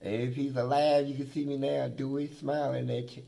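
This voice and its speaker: A man's voice: mid-range voice, flat delivery, normal speed, creaky, dark tone. A man being interviewed who tells blunt, profane stories about prison life in a vivid, swearing manner. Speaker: interview guest.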